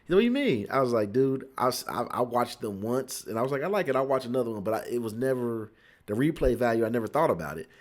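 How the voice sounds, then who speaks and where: A man's voice: mid-range voice, fast talker. A young man from Cincinnati reviewing a movie in a casual, rambling way, repeating words and acting out his friends' lines.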